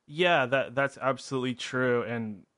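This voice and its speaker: A man's voice: mid-range voice, moderate pace, fairly bright tone, no echo, studio quality. A man hosting a conversation, speaking hesitantly with frequent fillers and restarts. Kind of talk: casual conversation.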